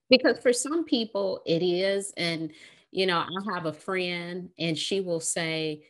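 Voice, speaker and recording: Woman therapist, American accent, podcast guest, fairly low pitch, animated, laughs often. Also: slow. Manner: animated, laughs often, acts out quoted phrases. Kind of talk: podcast conversation.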